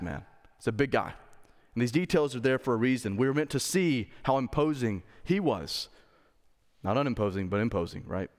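Man, pastor, sermon, casual and chatty delivery, emphatic peaks, mid-pitched voice, long church reverb. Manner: casual, conversational preaching with slang asides; rises to emphatic intensity when making a point. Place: church sanctuary.

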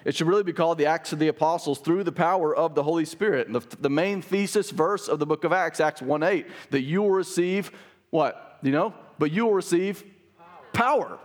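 A man's voice: fairly high pitch, a little fast. Emphatic male pastor preaching. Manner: earnest, emphatic, rising to stressed key words. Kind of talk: sermon. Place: church sanctuary.

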